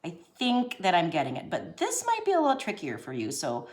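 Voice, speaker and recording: A woman's voice: on the low side, wildly swooping pitch, fairly quick, reverberant. A woman giving a casual drawing lesson as she sketches. She talks in a chatty, slangy way and laughs often. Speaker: drawing teacher.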